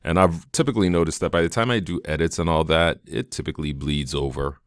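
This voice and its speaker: A man with a very deep voice talks through a software tutorial as he clicks along. He is casual and enthusiastic, thinking aloud with plenty of fillers. The sound is dry and close, with no room echo. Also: quick pace. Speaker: tutorial host. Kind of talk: screen-recorded software tutorial.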